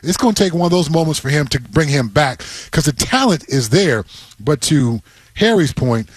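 A man on a sports radio panel whose delivery turns rallying and preachy. His voice is husky and sits high for a man. The sound is dry and close-miked. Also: expressive, normal speed, dry recording. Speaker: radio co-host.

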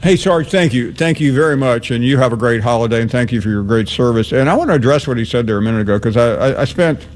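A male talk radio host with a mid-pitched voice, thanking callers and riffing back. He talks in a friendly, quick, conversational manner. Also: darkish tone.

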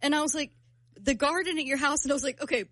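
A young woman on a radio show, acting out both sides of a dating story in lively casual chat. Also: high voice, quick pace, no echo. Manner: animated storytelling, acts out both sides of the date. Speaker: guest telling a dating story.

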